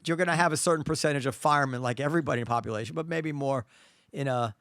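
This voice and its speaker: Halting man thinking out loud. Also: on the high side, dry recording, studio quality. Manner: thinking aloud, halting, many restarts. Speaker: host. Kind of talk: casual chat.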